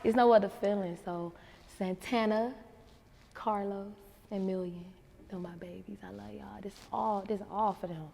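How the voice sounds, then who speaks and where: Animated woman telling stories in a reverberant room. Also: normal speed, creaky. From Miami. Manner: animated, acts out quotes with big pitch jumps. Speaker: guest, actress and rapper. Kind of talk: casual interview storytelling.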